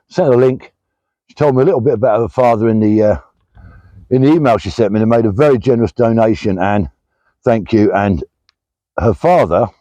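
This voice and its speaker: An older British army veteran chatting casually on his vlog while out walking, reading out supporters' names with plenty of pauses and restarts. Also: medium pitch, dark tone, no echo, rough recording. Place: walking outdoors, pulled over at the roadside.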